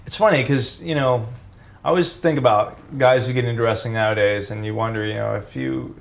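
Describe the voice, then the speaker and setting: A man's voice: mid-range voice, brisk, vocal fry. A man in his forties, a former pro wrestler, casually telling road stories, laid-back and swearing freely.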